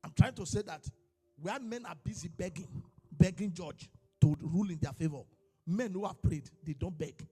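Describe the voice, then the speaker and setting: A man preaching a sermon as a pastor, moving from quiet storytelling into shouted, chanted exhortation. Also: high-pitched, normal speed, husky. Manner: preaching with rising shouts and chanted, sung phrasing. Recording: long hall reverb with faint music.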